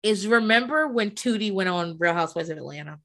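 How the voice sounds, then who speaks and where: A bright, lively woman from the American South chats as a podcast co-host. Her pitch swings widely as she tells gossip, swears freely and acts out quotes in little voices. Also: brisk. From American South, near Kentucky. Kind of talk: casual gossip chat.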